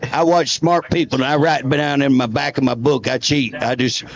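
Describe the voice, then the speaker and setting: A man's voice: mid-range voice, fairly even intonation, moderate pace, no room sound, dull audio. A man, a state representative telling folksy stories in a casual interview and chuckling often.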